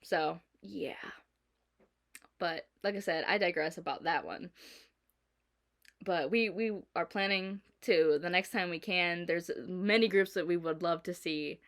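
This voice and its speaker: A woman's voice: fairly low pitch, measured pace. Woman, casual vlog chat, storytelling, laughs often, quotes people animatedly. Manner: chatty storytelling, frequent laughs, animated quoting. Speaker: vlogger. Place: indoors at home.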